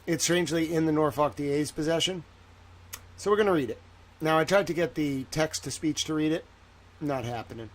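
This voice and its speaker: Male streamer, Southern accent, slightly high, casual and sarcastic. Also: a bit bright. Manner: chatty, sarcastic, talks to chat by name. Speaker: livestream host. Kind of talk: casual livestream chat.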